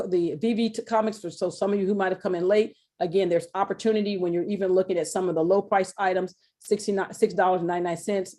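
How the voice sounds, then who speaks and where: Middle-aged woman, webinar presenter; mellow tone, chatty and informal pitch delivery. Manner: chatty and animated, acts out quoted voices, laughs often; informal, colloquial phrasing. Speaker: webinar presenter selling an NFT course. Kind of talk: casual sales webinar talk.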